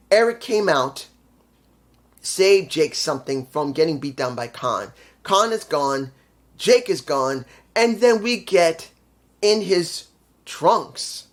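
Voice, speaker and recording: A man's voice: fairly high pitch, animated, slow pace, a bit bright. Frustrated man ranting a wrestling review. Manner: frustrated ranting, heavy swearing. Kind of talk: casual spoken review.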